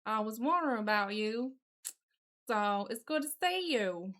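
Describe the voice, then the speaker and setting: A folksy Southern woman, as a streamer puts her on draws out her words slowly in a high, sweet voice, calling everyone honey and sugar. The accent is an amateur, playful imitation of the American South. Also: animated, a bit bright. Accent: put-on American Southern. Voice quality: slow drawl, calls people honey and sugar.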